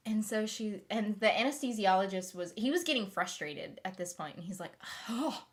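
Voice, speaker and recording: A woman's voice: medium pitch, lively intonation, moderate pace, fairly bright tone. A young woman telling a long personal story in a casual vlog, rambling with fillers and restarts. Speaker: vlogger.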